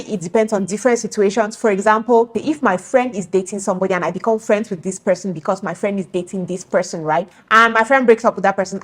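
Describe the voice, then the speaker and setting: Young woman, casual talk, animated, mid-pitched voice. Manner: animated, acts out quoted friends, laughs often. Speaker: video host. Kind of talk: casual opinion monologue.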